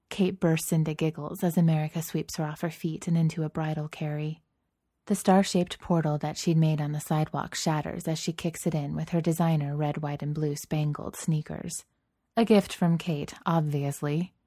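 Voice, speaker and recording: Calm woman reading a story. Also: low-pitched, normal speed, no echo, studio quality. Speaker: reader. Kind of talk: fan fiction reading.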